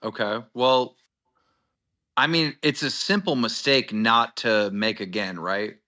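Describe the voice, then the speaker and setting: A man's voice: medium pitch, slow, bright, forceful tone. A man questioning a friend on a live stream and pushing him for an answer. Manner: pressing, questioning.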